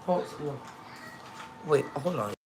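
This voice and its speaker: A woman's voice: low voice, lively intonation, takes it slowly, noisy background. A middle-aged woman hosting a casual livestream, chatting to her viewers and repeating lines for emphasis, recorded on a phone. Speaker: livestream host.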